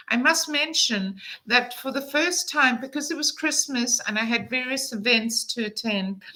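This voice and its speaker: A woman's voice: a little high, sharp tone, low-quality recording. A woman in her fifties telling a travel story to camera in a chatty, enthusiastic way, with frequent fillers. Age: 50s. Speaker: travel vlogger.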